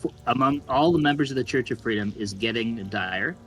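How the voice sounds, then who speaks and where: A man voicing an anxious male church teacher in a tabletop game, speaking haltingly. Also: medium pitch, fairly bright tone, lightly acted, low-quality recording. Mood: worried. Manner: hesitant, halting speech with restarts.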